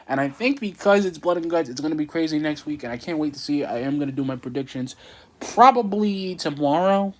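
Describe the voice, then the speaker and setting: A man's voice: a little high, animated, fairly quick. A young man casually recapping a wrestling show, rambling with many fillers and restarts.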